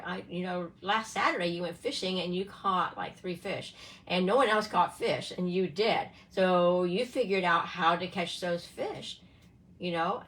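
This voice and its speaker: A middle-aged woman speaks in a fairly low voice during a casual live session. She coaches parents in an earnest, searching way, restarting her phrases and checking in with "right?" as she talks. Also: fairly bright tone, low-quality recording.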